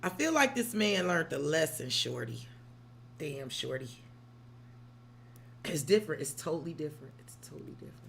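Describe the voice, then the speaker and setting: A woman's voice: deep voice, lively intonation, moderate pace, gravelly, pauses often, fairly bright tone, a little hiss or hum. Salty, chatty woman reading tarot. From South Side of Chicago. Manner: chatty, digressive, salty, swears freely. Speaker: tarot reader. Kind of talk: casual livestream tarot reading.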